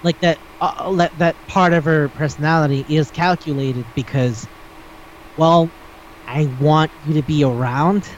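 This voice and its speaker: A man's voice: on the high side, fairly even intonation, measured pace, dull audio, a little hiss or hum. A man hosting a podcast in casual chat who rambles, repeats his words and swears offhandedly. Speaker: podcast host.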